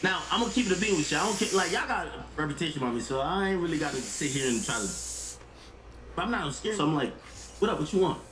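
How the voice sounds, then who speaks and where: High-pitched animated male storyteller. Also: quick pace, reverberant, background noise. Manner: excitable, acts out dialogue with sharp jumps in pitch. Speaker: streamer telling a story.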